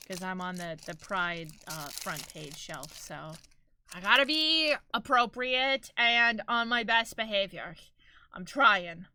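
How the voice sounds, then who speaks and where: Bright-voiced chatty woman streamer. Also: fairly high pitch. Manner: chatty, expressive, laughs often. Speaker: live streamer. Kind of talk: casual live-stream chat.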